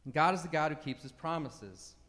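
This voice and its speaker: A man with a slightly higher voice preaches a teaching sermon, building his points with emphasis and asking "right?" as he goes. His voice rings out with the long reverb of a large hall. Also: fairly quick, a bit bright. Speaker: pastor.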